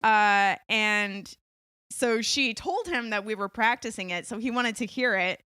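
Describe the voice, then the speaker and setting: A woman's voice: on the high side, a little slow, bright, forceful tone, smooth, no echo, clean studio sound. A young woman co-hosting a casual podcast, giggly and bashful, easily embarrassed. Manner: giggly, bashful, self-conscious. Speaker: co-host.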